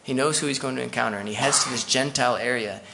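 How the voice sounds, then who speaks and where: A man's voice: medium pitch, fast, gravelly, background noise. A man preaching a sermon as pastor, conversational and full of asides to the congregation.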